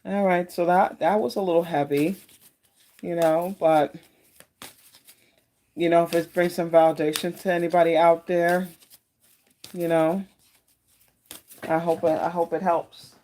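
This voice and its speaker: A woman's voice: lowish voice, fairly even intonation, a little slow, pauses often, mellow, a little hiss or hum. A woman hosting a casual live-stream tarot reading. She talks in a chatty, meandering way and greets viewers by name.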